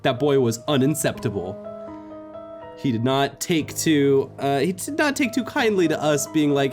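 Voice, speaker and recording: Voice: mid-range voice, expressive, normal speed, darkish tone, soft background music. A let's-play host giving casual, jokey commentary and reading game dialogue aloud, laughing and swearing freely.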